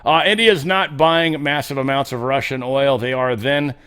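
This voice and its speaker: A man hosting a solo commentary show, talking casually and sarcastically, swinging between loud outbursts and muttered asides. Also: medium pitch, normal speed, clean tone. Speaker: host of a political commentary show.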